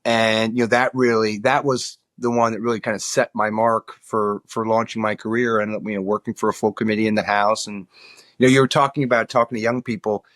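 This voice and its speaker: A middle-aged New Yorker appears as a guest on a conversational interview, working as a political consultant. His fairly low, slightly bright voice is level and fairly quick, with no echo, and he speaks earnestly, often repeating words as he thinks.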